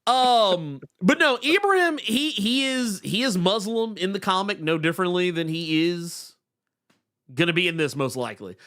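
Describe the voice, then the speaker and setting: A man co-hosting a podcast, chatting casually about comics with animated stammering restarts. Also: high voice, normal speed. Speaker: podcast co-host. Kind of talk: casual comic book chat.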